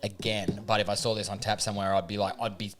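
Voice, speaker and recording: Fast-talking, low-voiced man. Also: flat delivery, a little hiss or hum. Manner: quick, jokey, chatty. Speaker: podcast co-host. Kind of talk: casual beer-tasting chat.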